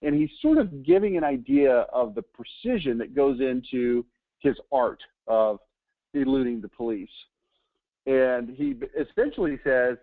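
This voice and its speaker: A man's voice: mid-range voice, sing-song, a little slow, gravelly, no echo. A man giving a marketing lesson on a webinar, telling a story with many fillers and restarts. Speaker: marketing trainer. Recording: dry, phone-like audio.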